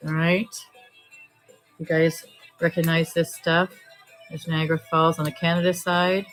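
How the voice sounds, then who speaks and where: Brisk woman running a live auction. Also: low-pitched, little pitch movement, a bit bright, soft background music, low-quality recording. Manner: brisk, joking, thinking aloud while sorting items. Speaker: online auction seller. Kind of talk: live-stream auction patter.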